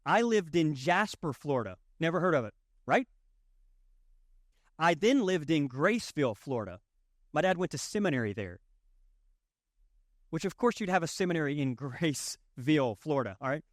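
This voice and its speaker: Southern guy preaching, kinda high voice, folksy and jokey, super dry close sound. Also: lively intonation, moderate pace, pauses often, dry recording. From Southern United States. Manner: folksy, joking, emphatic repetition. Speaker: pastor. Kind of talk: conversational sermon.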